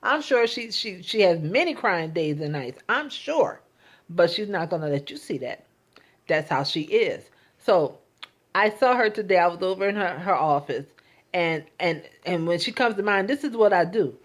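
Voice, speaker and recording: A woman's voice: fairly low pitch, lively intonation, normal speed. A woman talking in a casual, reflective monologue. She is earnest and emotional, and she often repeats words and restarts her sentences. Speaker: vlogger.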